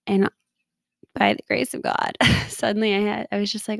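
Thirties woman, podcast host, low gravelly voice, candid and self-mocking, dry close sound. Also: little pitch movement, moderate pace, pauses often, no room sound. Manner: candid, laughs at herself. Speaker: podcast host and mindset coach. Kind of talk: casual reflective monologue.

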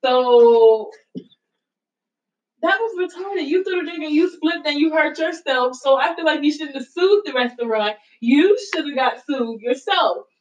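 A woman giving opinions in a casual chat in a halting way, often repeating herself. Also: sits high, distant mic, poor audio. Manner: slow, halting, repeats words.

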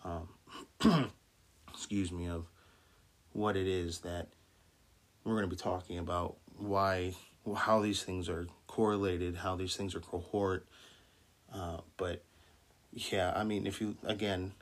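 A man speaking as a minister, giving an informal Bible talk with many restarts and fillers, then reading scripture slowly. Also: low voice, little pitch movement. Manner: slow deliberate scripture reading.

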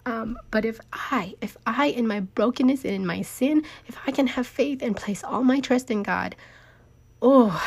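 A woman's voice: a little high, moderate pace, creaky, breathy edge. A woman business owner hosting her own show, talking emphatically and tearfully about her faith. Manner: emotional, emphatic, confessional. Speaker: podcast host, business owner. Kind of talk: personal faith talk.

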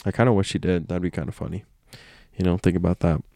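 This solo podcast host rambles playfully in a meandering stream of consciousness while lying in bed at home. His voice is low-pitched, fast, creaky, and darkish in tone, and the recording is dry and studio quality.

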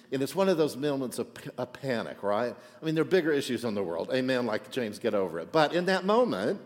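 Preaching in a chatty, storytelling style, this pastor keeps calling for amens and tossing in "right?" His voice sits in the mid-range, followed by a long reverb tail.

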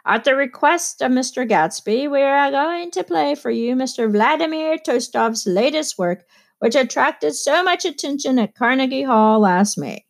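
A woman reader voicing a male orchestra leader making a jovial, booming announcement to a party crowd in an audiobook. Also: animated, normal speed, gravelly.

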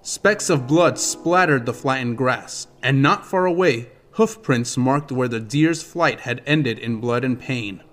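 Guy narrating a fantasy audiobook, even steady read, faint music behind. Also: medium pitch, a little slow, few pauses. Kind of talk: scripted narration.

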